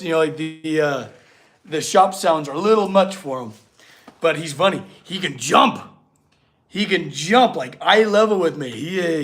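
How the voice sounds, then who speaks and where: A man streaming from his metal workshop, chatting loosely with viewers and fussing over his dogs. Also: high-pitched. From California. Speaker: blacksmith streamer. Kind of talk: casual livestream chat.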